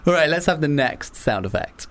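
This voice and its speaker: A man's voice: a little high, expressive, normal speed, very noisy. A man hosting a comedy podcast, chatty and giggly, who often repeats words while he thinks. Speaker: podcast host. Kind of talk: casual comedic chat.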